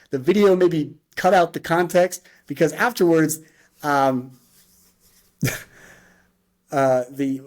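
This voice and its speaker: A man hosting a casual wrestling review, running through the matches move by move, with frequent restarts and side tangents. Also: fairly high pitch. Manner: rambling, with frequent restarts and asides; rattles off move-by-move calls in bursts.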